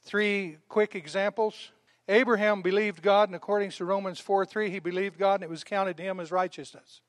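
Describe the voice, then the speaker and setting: A man preaching a sermon in an animated, folksy way, hammering points through repetition. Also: sits high, moderate pace, dry recording, clean studio sound. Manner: folksy, calls listeners honey. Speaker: pastor.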